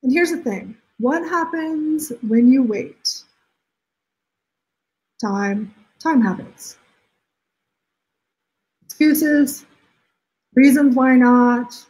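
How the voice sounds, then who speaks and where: A woman's voice: sits high, extremely slow, pauses often, darkish tone, rough recording. A woman coaching her viewers on a live stream, upbeat and emphatic, acting out the things people say. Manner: upbeat and emphatic, acts out quotes. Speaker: life coach.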